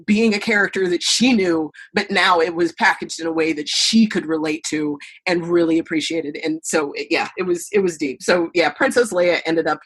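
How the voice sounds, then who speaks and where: A middle-aged woman with a husky, slightly low voice tells stories as a podcast guest. She is animated and acts out the voices of people she quotes. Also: moderate pace, few pauses. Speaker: podcast guest, burlesque performer. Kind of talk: storytelling interview answers.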